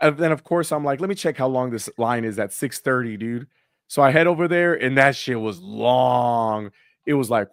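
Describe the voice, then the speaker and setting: A man's voice: medium pitch, dry recording, clean studio sound. Laid-back swearing man telling stories. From Sacramento, California. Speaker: podcast co-host. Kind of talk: casual chat.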